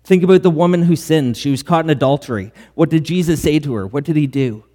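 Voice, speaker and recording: A man's voice: a little high, fast, mellow. A man preaching a sermon as pastor, earnest and full of rhetorical questions. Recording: long hall reverb.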